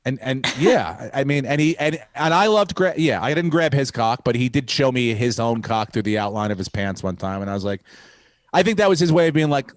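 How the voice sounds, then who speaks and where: A man's voice: medium pitch, lively intonation, fairly quick, dry recording. A man hosting a podcast who rambles through a profane story and acts out the quotes. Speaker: podcast host, comedian. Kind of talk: casual storytelling.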